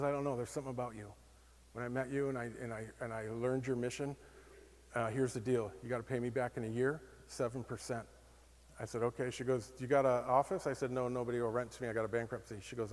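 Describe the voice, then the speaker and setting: A man giving a personal storytelling talk at a conference, animated and self-deprecating, acting out bits of dialogue. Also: medium pitch, fast talker. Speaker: conference speaker. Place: conference hall. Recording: reverberant conference hall.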